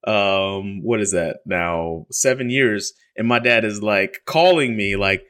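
A man hosting a podcast, telling a story in animated casual chat and laughing often. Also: fairly low pitch, measured pace, hardly any pauses. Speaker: podcast host.

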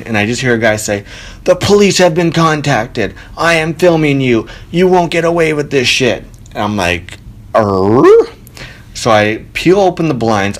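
A man hosting his own podcast from a home studio, telling a story casually, animated and swearing freely. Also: mid-range voice. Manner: animated, swearing, quotes people with raised voice. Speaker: podcast host. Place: spare bedroom home studio. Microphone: home studio mic.

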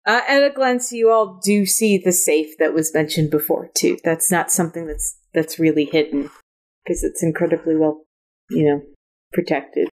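A woman's voice: sits low, normal speed, darkish tone. A woman narrating a tabletop game as game master, hesitant and full of fillers.

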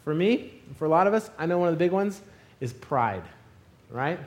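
High-voiced man telling a lively story. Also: moderate pace. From Arizona. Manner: animated storytelling, acting out scenes with loud exclamations. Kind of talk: sermon with a comic personal story.

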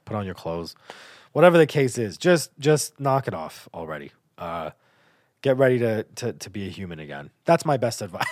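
A man's voice: fairly low pitch, no echo, studio quality. Rambling, cursing podcast host man. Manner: rambling and profane, many filler sounds. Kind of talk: casual monologue.

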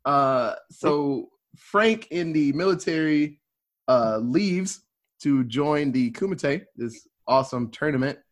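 A man with a fairly high voice hosts a casual movie podcast. He rambles through his recap with a loose, profane, easygoing delivery and plenty of "uh"s. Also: lively intonation, slow. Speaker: podcast host.

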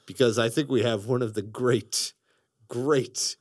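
A man hosting a comedy podcast, joking around and now and then slipping into a gruff put-on accent. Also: mid-range voice, steady tone, unhurried, no echo, clean studio sound. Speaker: podcast host. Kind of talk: comedic casual chat.

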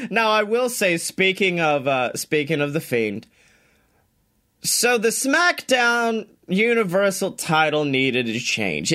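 A man's voice: high voice, fairly bright tone. A man co-hosting a casual wrestling podcast, laughing often and swearing freely. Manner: profane, laughing, mimics others in quotes. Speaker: podcast co-host.

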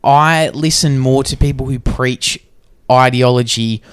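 A man's voice: medium pitch, unhurried, clean tone, dry recording, studio quality. A young man, co-hosting a casual fitness podcast, blunt and laid-back with plenty of swearing. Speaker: podcast co-host. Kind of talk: casual chat.

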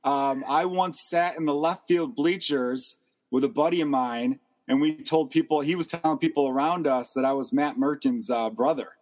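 A man's voice: fairly high pitch, moderate pace, a little mellow. A man hosting a casual chat, telling a funny story with playful, self-mocking humor. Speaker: host.

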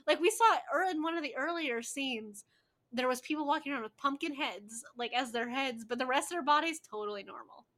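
Bright, chatty woman with a higher voice. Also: a little fast. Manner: chatty, laughs often, playful asides. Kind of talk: casual watch-along chat.

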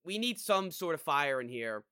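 A man talking sports on a podcast, rambling and frustrated, often stopping to restart a thought. His voice is bright and a bit high for a man. The sound is close and dry, with no room in it. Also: very animated, moderate pace, clear, resonant tone, dry recording. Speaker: podcast co-host. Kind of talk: casual sports chat.

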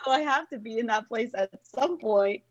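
A woman's voice: a little high, moderate pace, dull audio, very noisy. A young woman songwriter chatting in an interview, rambling and circling back with lots of filler words. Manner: rambling, filler-heavy with frequent "like". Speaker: songwriter guest. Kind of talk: casual interview chat.

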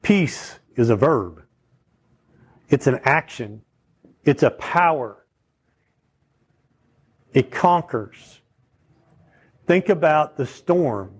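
Speaking with a husky, medium-pitched voice, a preacher teaches his sermon conversationally, frequently checking in with the congregation and putting questions to them.

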